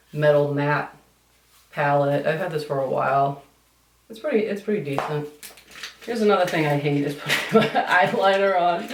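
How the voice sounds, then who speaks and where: A woman's voice: deep voice, noisy background. A woman chatting while doing her makeup in a get-ready-with-me vlog, rambling and complaining, swearing casually. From United States. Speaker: beauty vlogger. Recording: echoey room, somewhat far from mic.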